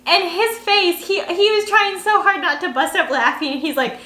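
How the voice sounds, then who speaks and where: Very high-pitched yet at normal speed, the young woman's voice sounds pushed and bright in a roomy space. She's a channel host in casual conversation, storytelling with plenty of laughter and fillers.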